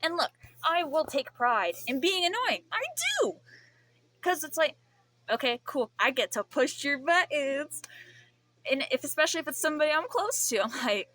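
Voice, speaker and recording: A woman's voice: high voice, animated, moderate pace, pushed and bright. A young woman venting to camera in a rambling, emotional way, swearing often. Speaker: vlogger. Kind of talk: emotional vent.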